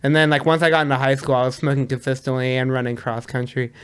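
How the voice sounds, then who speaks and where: Laid-back young man, smooth voice. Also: medium pitch, fairly even intonation, quick pace. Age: young adult. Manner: laid-back, full of likes and laughs. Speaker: podcast guest. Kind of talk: casual chat.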